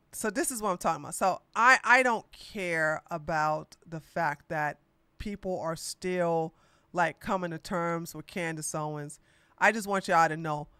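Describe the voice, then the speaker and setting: A woman's voice: lowish voice, fairly bright tone, clean tone, no echo. A woman hosting a political podcast, talking in a blunt, sassy, mocking way with lots of slang. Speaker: podcast host. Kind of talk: casual political commentary.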